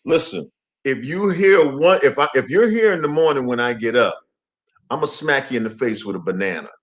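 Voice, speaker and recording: A man voicing a grumpy pet monkey that is fed up with its owner and delivers threats in a deadpan way. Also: medium pitch, a little fast, voice pushed down, natural voice. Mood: grumbling.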